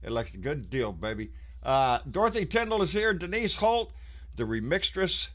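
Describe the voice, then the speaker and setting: A man's voice: fairly high pitch, very animated, normal speed, fairly bright tone. A man, out of breath, hosting a casual live stream and greeting viewers in a folksy, swearing way. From Texas.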